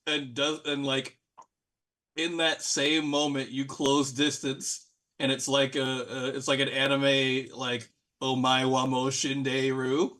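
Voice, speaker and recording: A man narrating a tabletop game as game master, casual and animated, with many fillers. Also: medium pitch, slow.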